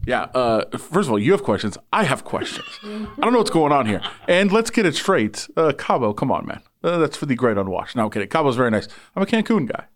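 A man's voice: medium pitch, quick pace, hardly any pauses. A man who works as a sports reporter, telling a long story in casual chat and acting out the people in it. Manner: animated, voices people in anecdotes.

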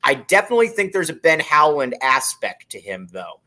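A man's voice: a little high, very animated, a little fast, pushed and bright. A man co-hosting a sports podcast, giving blunt, opinionated takes in casual chat. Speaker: podcast co-host.

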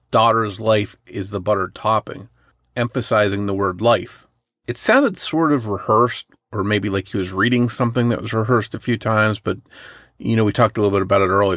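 A man from New Jersey co-hosts a true crime podcast in a fairly low voice. He weighs each point carefully and analytically. The sound is close and dry. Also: a bit bright, no room sound. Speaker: podcast co-host.

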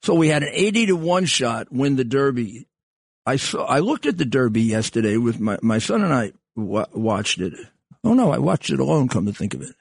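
An older man hosting a talk radio show, rambling along with halting restarts and frequent fillers. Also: medium pitch, big pitch swings, vocal fry, husky, no echo. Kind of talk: casual talk radio monologue.

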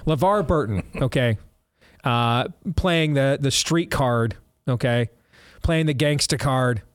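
Talk radio host, male, mid pitch, loose rambling delivery with asides, dry close mic. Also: slow, smooth, dry recording. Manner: rambling, self-interrupting, chuckling asides. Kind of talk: casual talk radio chat and ad read.

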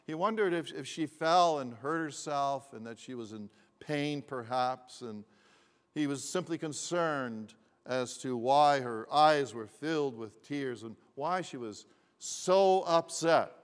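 Slow-spoken pastor in a reverberant hall. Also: male voice, medium pitch. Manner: slow, deliberate storytelling with repetitions. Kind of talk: sermon.

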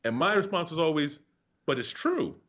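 Speaking at normal speed, a man in his forties with a slightly high, sing-song and somewhat bright voice guests on a casual storytelling chat. The retired pro athlete laughs and curses freely, and the audio has a slightly dull lo-fi quality.

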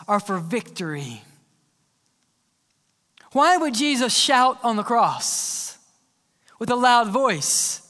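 A male pastor preaching a sermon, swinging between loud cries and hushed whispers. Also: very high-pitched, big pitch swings, takes it slowly, pauses often. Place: large church hall. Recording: long church-hall reverb.

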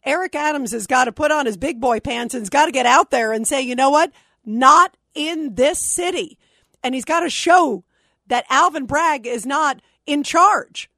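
A woman's voice: sits high, moderate pace, sharp tone, no echo. A woman hosting a call-in talk radio show, speaking in an impassioned, outraged and emphatic way into a studio microphone. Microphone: studio microphone, dry.

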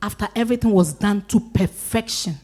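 Woman pastor, animated preacher who acts out crowd voices. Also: mid-range voice, fairly quick. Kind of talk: sermon.

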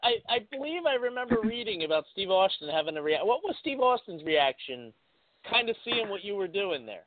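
A man's voice: high-pitched, big pitch swings, a little fast, dry recording. A man interviewing a guest, asking questions with enthusiastic, hesitant phrasing. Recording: tinny phone-like line.

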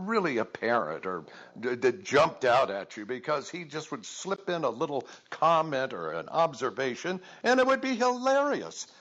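Older guy calling in, gravelly husky voice, stops and restarts a lot, chuckles. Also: medium pitch, a bit bright, dull audio. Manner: halting, many restarts, laughs easily. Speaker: guest, former radio colleague. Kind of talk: reminiscing phone-in interview.

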